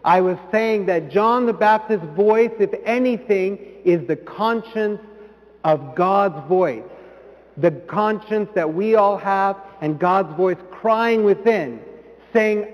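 A priest giving a sermon in an earnest way, rising to emphatic peaks and then dropping soft. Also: male voice, high voice, slow pace, big-room sound, highs cut off. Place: church.

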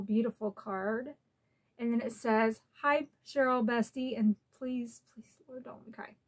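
A woman talks through a casual unboxing vlog at home in a slightly raised pitch. She is chatty and openly emotional, sometimes close to tears. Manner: chatty and emotional, tearful at times. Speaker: collector channel host.

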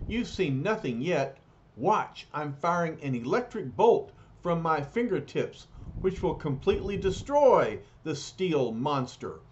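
A man's voice: fairly high pitch, big pitch swings, measured pace, lo-fi sound, slight background noise. A man reading a storybook aloud, voicing an arrogant, sarcastic male villain scientist in a haughty, precise way. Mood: boastful.

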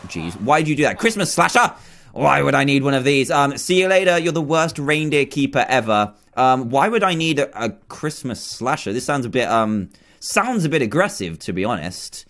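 Excitable gamer guy, jokey, voice bounces up and down a lot. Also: medium pitch, normal speed. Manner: excitable, jokey, thinks aloud while playing. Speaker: gaming youtuber. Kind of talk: casual let's-play commentary.

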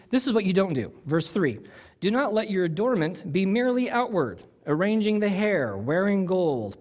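A man's voice: a little high, lo-fi sound. A man preaching a sermon in a conversational, teaching way, often restarting his phrases. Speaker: pastor.

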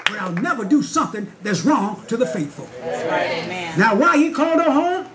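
A man preaching a Pentecostal sermon at a Bible study, telling a story and rising into shouts with call-and-response. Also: sits high, sing-song, normal speed. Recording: congregation noise in a church hall. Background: congregation responding.

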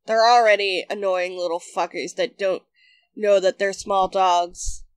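A narrator reading online comments aloud in a deadpan way with sudden bursts. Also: medium pitch, unhurried, clear, resonant tone, no room sound. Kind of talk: scripted narration.

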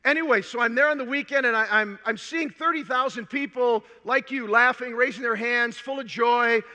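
An older man tells a personal story from a conference stage, animated and humorous. His voice sits very high and sounds strikingly bright. A long reverb from the hall trails behind every phrase. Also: moderate pace. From Minnesota, USA. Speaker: conference speaker. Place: large hall.

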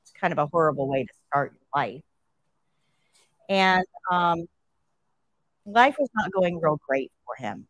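A woman's voice: sits low, animated, a little slow, long pauses, fairly bright tone, dry recording, low-quality recording. A woman nursing instructor telling a story to her class during a livestream, asking rhetorical questions as she goes.

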